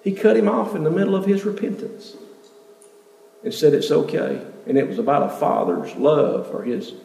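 A man's voice: a little high, big pitch swings, normal speed, vocal fry, warm tone. A man preaching a sermon in a church, earnestly putting rhetorical questions to the congregation. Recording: echoey hall, mic at a distance.

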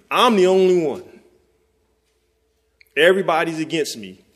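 A man preaching a sermon. He talks conversationally to the listeners and reads scripture slowly and deliberately. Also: on the high side. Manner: conversational, speaks directly to listeners.

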